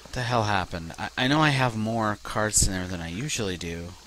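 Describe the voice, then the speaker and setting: A man's voice: fairly low pitch, brisk, fairly bright tone, slight background noise. A man commenting casually on his own gameplay as a let's play host, swearing often when things go wrong. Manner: swears a lot, frustrated outbursts.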